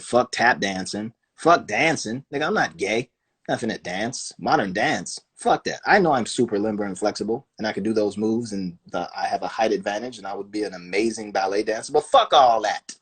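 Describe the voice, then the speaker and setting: Husky-voiced guy going off on a phone live stream, cussing, doing little voices for people. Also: fairly low pitch. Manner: animated, profane, acts out voices of other people. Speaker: livestream host. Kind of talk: casual livestream rant.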